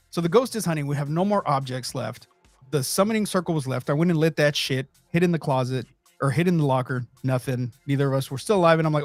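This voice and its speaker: Man, podcast host, slightly high voice, dry close sound, faint music underneath, swearing storyteller. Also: fast, no room sound. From Texas. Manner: profane, animated storytelling with mock quotes. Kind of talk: casual storytelling chat.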